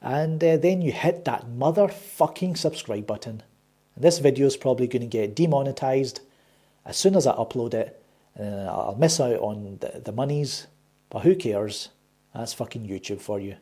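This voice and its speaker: A man's voice: mid-range voice, animated, normal speed, dark tone, breathy edge. A man hosting his own movie review channel, ranting with sarcasm and frequent swearing. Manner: sarcastic, swears a lot, exasperated.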